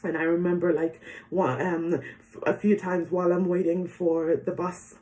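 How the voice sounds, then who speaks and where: A young woman telling a personal story in a casual, chatty way, with many fillers and soft laughs. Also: fairly low pitch, fairly even intonation, moderate pace.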